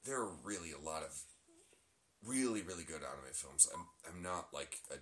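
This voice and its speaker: A deep-voiced man rambles through a relaxed podcast chat, full of ums and restarts. His pitch jumps around freely, and a faint hiss sits under the recording. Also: normal speed. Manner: rambling with many fillers, animated. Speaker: podcast co-host. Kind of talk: casual chat.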